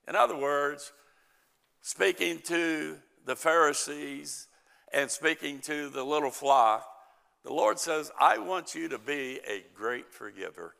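Gravelly, bright-voiced male pastor preaching slowly. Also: fairly high pitch, animated. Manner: storytelling preacher, acts out the characters' lines. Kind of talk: sermon.

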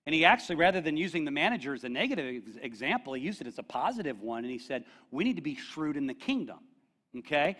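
A man's voice: a little high, big pitch swings, fast, fairly bright tone. A middle-aged man preaching a conversational sermon as pastor, joking with the congregation and often checking in with "okay?".

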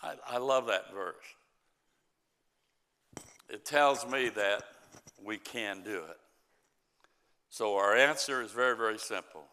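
A middle-aged man, a pastor, preaching a sermon and reading scripture in a slow, emphatic way that often drops to a softer level. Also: lowish voice.

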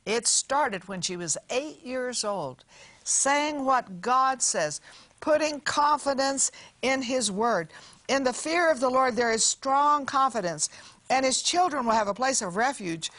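An older woman preaching a television sermon, telling a family story and quoting scripture with earnest, animated emphasis. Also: sits high, a little slow, dry recording. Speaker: TV minister.

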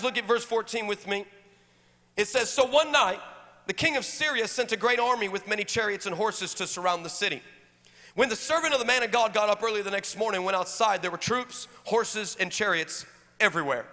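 A high, bright male voice booming out a sermon in a church. He shouts, repeats his lines and calls on the congregation to answer. The sound rings with long reverb through a big hall. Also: a little fast, soft background music. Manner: shouting, repetitive, call-and-response preaching. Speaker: preacher. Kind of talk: sermon and prayer. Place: church sanctuary.

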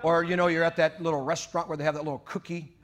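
A man delivering a fiery sermon in a high, bright voice. He preaches with passion, pushing up into ringing shouts at the peaks. The delivery is loud and emphatic. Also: little pitch movement, very fast, background noise. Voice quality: mock British voice for God's words. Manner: impassioned preaching, rising to shouts. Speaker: pastor.

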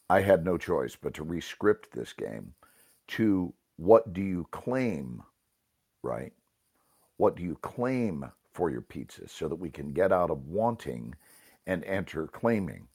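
A man's voice: sits low, husky. A man, an improv teacher, explaining a game in a talk show conversation, at times chanting in rhythm. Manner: animated, rhythmic chanting and snapping; occasional coughs, pauses to sip water.

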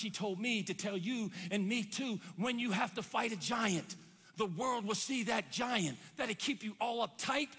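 Male pastor, bright husky voice with a lively swinging delivery, preaching in a church. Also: sits high, long reverb tail. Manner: animated preaching, acts out voices, rises and drops to a hush. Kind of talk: sermon. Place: church sanctuary.

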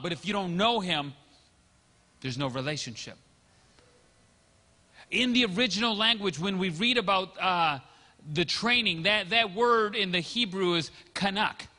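High-voiced preaching pastor in reverberant hall. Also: male voice, expressive, moderate pace, long pauses, bright, forceful tone. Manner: storytelling, acts out quotes. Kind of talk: sermon.

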